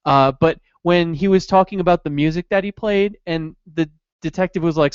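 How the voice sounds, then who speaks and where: A man co-hosting a podcast in casual chat, laughing often and swearing as he retells stories with animated acted-out quotes, over slightly dull stream audio. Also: on the high side, normal speed, few pauses, smooth, dry recording. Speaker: podcast co-host. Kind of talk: casual chat, crude comic storytelling.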